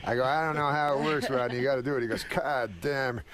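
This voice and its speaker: A man's voice: medium pitch, fairly even intonation, racing, fairly bright tone, a little hiss or hum. Man rambling through profane stories. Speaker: comedian guest. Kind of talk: casual storytelling.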